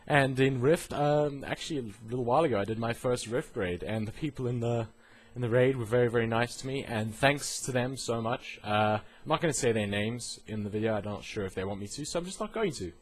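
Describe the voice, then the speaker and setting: In a casual gaming vlog, a man with a medium-pitched, slightly husky, breathy voice rambles at a fairly quick pace. He laughs often, slips into mocking put-on voices, and tells his stories loosely for fun.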